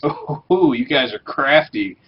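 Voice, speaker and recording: A man hosts a game livestream, joking and chatting casually as he plays and reads quest text aloud. His mid-range voice has lively intonation and a slow pace. The recording is muffled, with a little hiss or hum.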